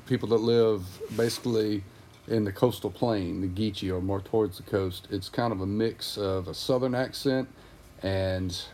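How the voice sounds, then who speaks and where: A man chatting casually on a podcast, curious and quick to ask questions. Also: lowish voice, steady tone, darkish tone.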